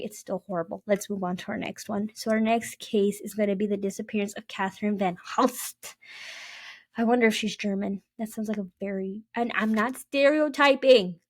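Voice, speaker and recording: A woman's voice: mid-range voice, dry recording, clean studio sound. A young adult woman hosting a casual storytelling podcast, chatty and digressive, with many ums and restarts. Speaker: podcast host.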